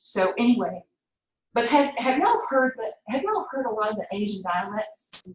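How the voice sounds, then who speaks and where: Older southern woman, teacher, chatty lecture, fairly high voice, roomy distant sound, faint background noise. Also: very animated, moderate pace. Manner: chatty, digressive, laughs often. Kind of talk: classroom lecture. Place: classroom. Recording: roomy, distant classroom mic.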